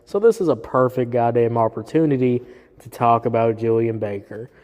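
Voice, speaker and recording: A man's voice: medium pitch, normal speed, a little mellow. Profane rambling man reviewer. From southern US. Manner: profane, rambling, heavy fillers. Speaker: music reviewer host. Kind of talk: casual solo review chat. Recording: roomy hall reverb.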